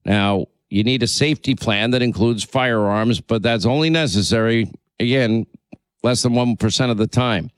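A man's voice: medium pitch, moderate pace, clear, resonant tone, no echo. A man hosting a talk radio show, indignant and repeating phrases for emphasis.

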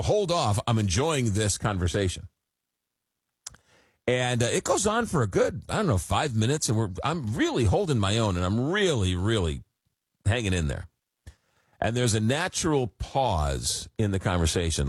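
A radio talk show host, telling a rambling story full of fillers. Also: male voice, on the low side, husky, no room sound. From Long Island, New York. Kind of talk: casual call-in radio chat. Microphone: studio microphone.

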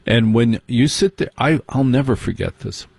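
Husky-voiced man telling a wry story. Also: mid-range voice, darkish tone. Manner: wry, mocking, slips into quick impressions of others. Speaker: comedian telling a personal story. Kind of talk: stand-up storytelling.

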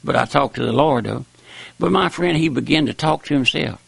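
Gravelly old country preacher. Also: male voice, medium pitch, a little fast, no room sound. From raised on a farm. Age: older. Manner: folksy, rambling, preaching with rising and falling emphasis. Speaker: preacher on radio. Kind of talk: sermon.

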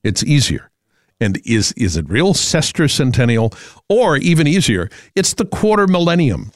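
A man's voice: mid-range voice, very animated, moderate pace, no room sound, clean studio sound. A middle-aged man with a New England accent hosting a radio show, chatting in a rambling way with many fillers. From Massachusetts. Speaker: radio host. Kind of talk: casual talk radio.

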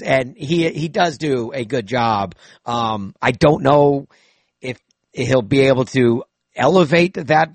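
Rambling husky man talking football. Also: medium pitch, no echo. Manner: rambling with many restarts and fillers. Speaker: co-host. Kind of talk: casual sports chat.

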